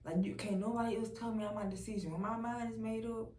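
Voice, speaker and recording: A young woman shares an emotional personal testimony in a candid, blunt way, swearing freely and often sinking into a soft, low voice. She sits some distance from the microphone, so her voice carries a roomy echo, with a faint hum of room ambience behind her. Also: steady tone, quick pace.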